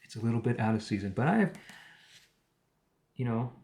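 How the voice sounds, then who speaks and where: A man's voice: medium pitch, expressive, darkish tone. A man reading the Bible aloud on a live stream, stopping now and then to paraphrase old words and add his own comments. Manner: reads archaic text, pausing to paraphrase words and comment.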